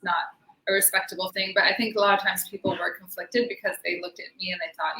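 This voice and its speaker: This belly dancer, a woman guesting on a laid-back interview, talks fast at a medium pitch, her steady tone sounding pushed and bright. She chats easily, laughing often and using plenty of fillers, while faint noise and echo fill the room.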